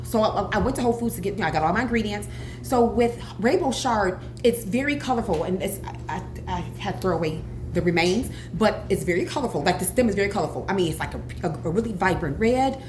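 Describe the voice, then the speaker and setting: A woman in her forties, a cooking vlogger chatting casually at home with rambling, animated asides. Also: medium pitch, fast talker. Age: 40s. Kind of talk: casual cooking vlog chat. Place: home kitchen. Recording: echoey kitchen, faint room noise.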